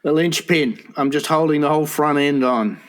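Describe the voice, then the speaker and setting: A man's voice: on the high side, normal speed. An older man co-hosting a comedy podcast, telling crude, rambling anecdotes full of swearing. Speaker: podcast co-host. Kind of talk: casual comedy podcast storytelling.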